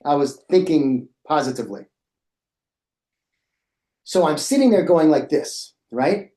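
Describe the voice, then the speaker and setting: Animated man telling a story, echoey room. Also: on the high side, unhurried. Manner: animated, acts out his own past reactions. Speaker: presenter for educators. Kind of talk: storytelling in a presentation.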